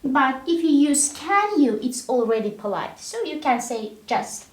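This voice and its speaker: A woman's voice: sits high, sing-song, unhurried, slight background noise. A woman teaching an English grammar lesson, speaking patiently and repeating words one at a time to show the stress. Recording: echoey room.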